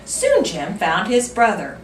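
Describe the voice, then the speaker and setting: A woman's voice: mid-range voice, takes it slowly, echoey room, far from the mic, a little hiss or hum. A woman librarian reading a picture book aloud for children, stopping to ask listeners questions. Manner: animated, asks listeners questions. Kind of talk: children's storytime read-aloud.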